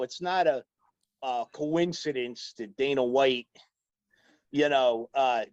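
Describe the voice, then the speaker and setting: A man's voice: medium pitch, darkish tone, no room sound. A man chatting as a podcast guest, rambling with many fillers and restarts. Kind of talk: casual chat, storytelling. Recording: dull lo-fi dry audio.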